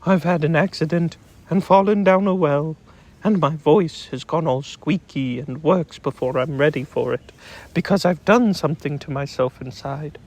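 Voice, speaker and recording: A man voicing a gentle, muddled male teddy bear who talks in an earnest, puzzled way in a storybook reading. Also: a little high, moderate pace.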